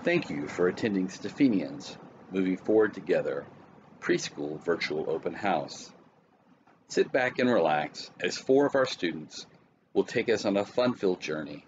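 A man giving calm, scripted narration for a school video. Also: deep voice, moderate pace, highs cut off, a little hiss or hum. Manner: calm, even announcer delivery.

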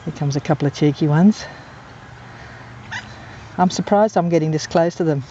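A woman's voice: low-pitched, normal speed, mellow, slight background noise. A woman from England talking casually while filming outdoors on a golf course, rambling through anecdotes with plenty of ums and uhs. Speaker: amateur nature videographer. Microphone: handheld camera mic. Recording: slightly dull, muffled outdoor recording.

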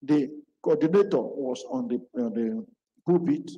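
A man preaches in a storytelling manner, acting out the voices of the people in his story. His voice sits a little high and sounds mellow. It rings out in a hall with a long reverb. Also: lively intonation, a little slow, lo-fi sound. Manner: acts out quoted speech in his stories. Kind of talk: storytelling sermon.

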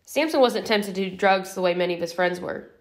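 A woman reading a novel aloud as an audiobook narrator in a steady, even storytelling manner. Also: mid-range voice, brisk. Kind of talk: scripted narration.

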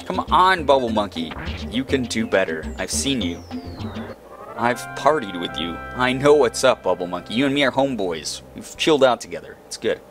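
A man narrating his playthrough in a loose, jokey way, his pitch swinging up and down with lively energy. He talks straight to the game characters as if they were friends. Soft music plays faintly underneath. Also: normal speed. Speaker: let's play gamer. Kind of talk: casual game commentary.

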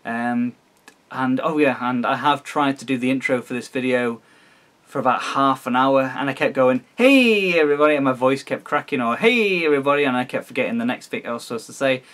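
A man's voice: mid-range voice, flat delivery, brisk, a bit bright. Flustered man rambling about toys. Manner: rambling, chuckling, flustered, full of ums. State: tired after work. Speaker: toy collecting vlogger. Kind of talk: casual vlog chat.

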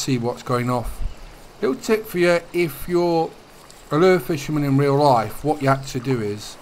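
A young man talks casually over a fishing game, his voice sitting at an ordinary middle pitch. He drifts from chat into friendly tips in a relaxed, easygoing way. A faint background noise runs under the recording. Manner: chatty, relaxed, gives tips. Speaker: gaming YouTuber. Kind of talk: casual gameplay commentary.

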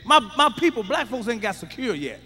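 Loud, bright-voiced male stand-up comic. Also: extremely high pitch, big pitch swings, fairly quick, slightly rough, long reverb tail. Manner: loud, profane, emphatic storytelling. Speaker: stand-up comedian. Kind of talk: live stand-up routine.

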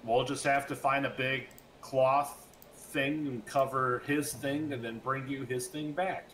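A man playing in a tabletop game, joking in lively casual chat with a deadpan edge. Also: mid-range voice, a little slow, reverberant, slight background noise, poor audio. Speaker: player.

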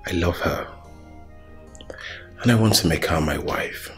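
A deep-voiced, deferential Nigerian suitor. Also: male voice, measured pace. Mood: earnest. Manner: deferential, soft-spoken. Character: respectful young suitor before a queen. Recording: faint film music underneath.

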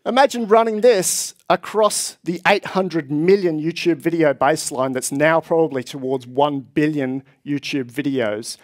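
A man's voice: on the high side, normal speed, few pauses. A man presenting at a tech conference, explaining with enthusiasm to a live audience. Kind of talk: conference talk. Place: conference hall.

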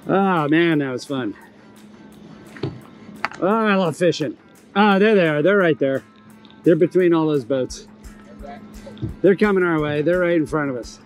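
A man's voice: fairly high pitch, a little slow, pauses often, soft background music, low-quality recording. A man hosting a fishing video from a boat on open water, exclaiming with enthusiasm and explaining how to approach and catch fish. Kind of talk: excited on-the-water fishing commentary.

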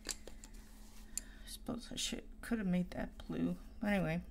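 A woman chats through a coloring stream with the hiccups, drifting between plain talk and soft half-whispers. Her voice has a gravelly, fry-laden edge and she talks slowly. A faint background hiss sits under her desk-mic recording. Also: on the low side, fairly even intonation. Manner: unhurried, musing, often trails into soft half-whispers. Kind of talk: casual live-stream chat while coloring.

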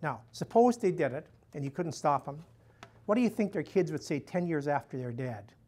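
Speaking at normal speed with a fairly high, expressive voice of darkish tone, this male missionary priest chats through stories for a live audience. He frequently says "you know" and acts out quotes in a raised voice.

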